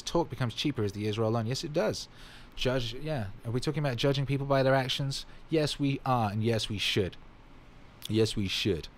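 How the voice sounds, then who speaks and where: A man's voice: medium pitch, background noise. Blunt, swearing male stream host. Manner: blunt, emphatic, swears freely; repeats catchphrases. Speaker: host answering viewer questions. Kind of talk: casual livestream Q&A.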